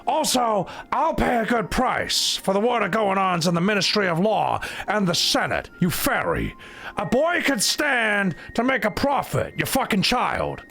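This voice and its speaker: A man's voice: sits high, very animated, a little slow, gravelly, voice pushed up, exaggerated voice. A man doing a crude shady informant impression. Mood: brash. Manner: brash, crude, shouting bursts.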